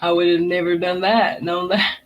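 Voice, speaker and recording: A woman's voice: lowish voice, level tone, normal speed, highs cut off. A woman hosting a livestream, joking and rambling in casual chat. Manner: jokey, rambling, self-mocking. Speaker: host.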